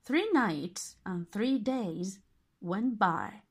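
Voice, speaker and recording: A woman reading a fairy tale aloud as narrator, expressive and deliberate. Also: medium pitch, slightly rough. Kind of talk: storybook reading.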